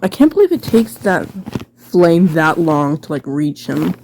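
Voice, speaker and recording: A woman giving a casual, jokey commentary, reading from her own old book with sarcastic asides and quick rambling restarts. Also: deep voice, sing-song, gravelly, darkish tone, slight background noise.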